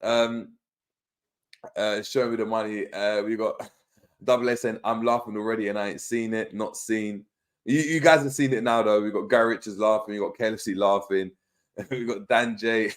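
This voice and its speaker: A man's voice: lowish voice, steady tone, normal speed. A man hosting a casual live stream, laughing often, bantering in slang and reading viewer comments aloud. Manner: slangy banter with many fillers. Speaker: host of a fan live stream.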